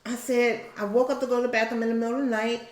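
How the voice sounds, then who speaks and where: A woman co-hosting a faith-based podcast, chatting casually and telling animated stories. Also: fairly high pitch, very fast, echoey room. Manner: animated storyteller, voices other people's lines. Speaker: podcast co-host.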